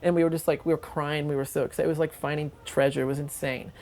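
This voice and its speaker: An interviewee telling a long anecdote for a documentary in an excitable, rambling way, full of fillers. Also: medium pitch, fast talker, slight background noise.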